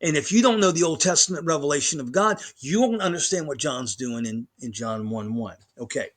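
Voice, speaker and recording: A man's voice: a little high, expressive, brisk, a bit bright. A man lecturing on grammar as a professor, emphatic, often repeating words and restarting his sentences. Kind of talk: recorded lecture.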